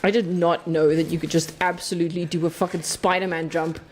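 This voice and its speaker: A woman's voice: lowish voice, little pitch movement, brisk, a little mellow, a little hiss or hum. A woman streaming a game, chatting away casually, playful, laughing often and swearing freely. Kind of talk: casual live-stream chat while playing.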